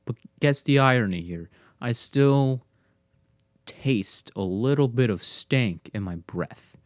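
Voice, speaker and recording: A man's voice: mid-range voice, expressive, slow pace, no room sound, clean studio sound. A man hosting his own podcast from his garage, chatting casually in a rambling, self-deprecating way. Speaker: podcast host. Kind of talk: casual solo podcast monologue. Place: home garage. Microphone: desk mic to computer.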